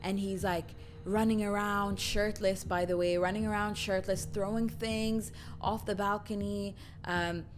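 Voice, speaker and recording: A woman podcast host, casually telling a story in an animated, dramatic way and using "like" a lot. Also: mid-range voice, a little slow, hardly any pauses, faint music behind. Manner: animated, dramatic retelling, frequent "like".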